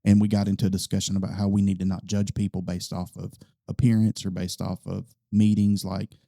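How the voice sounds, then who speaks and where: Male podcast host, casual and long-winded; deep mellow tone, dry room. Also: flat delivery, brisk, creaky, dry recording. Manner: long-winded storytelling, frequent fillers. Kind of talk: casual conversation.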